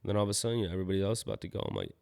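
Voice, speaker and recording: A young man talks loosely on his own podcast, with a low voice and a gravelly edge. He rambles, sometimes loses his train of thought, and sounds a bit tired. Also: sing-song, rapid-fire, darkish tone. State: tired, yawning. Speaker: podcast host. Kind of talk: casual solo podcast talk.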